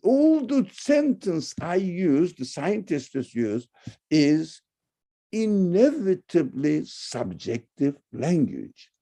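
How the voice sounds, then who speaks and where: Giving an online religious talk and fielding questions, this man is emphatic, breaking into loud, high-pitched outbursts. He speaks haltingly as a non-native speaker, his pitch swings widely, and vocal fry creeps in.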